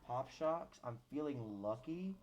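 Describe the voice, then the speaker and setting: A man's voice: fairly high pitch, lively intonation, a little slow, a little mellow, a little hiss or hum. A young man streaming a video game, talking casually, swearing and complaining with mock drama about his losses. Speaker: gaming streamer. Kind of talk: casual live gameplay commentary.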